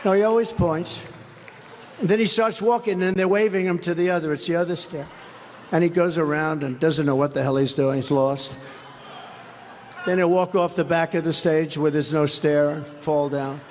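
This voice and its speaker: A man's voice: a little high, steady tone, moderate pace, darkish tone. A man giving a sarcastic, repetitive rally speech, rambling from point to point. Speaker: political speaker at a rally. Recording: long reverb of a large venue, faint background noise.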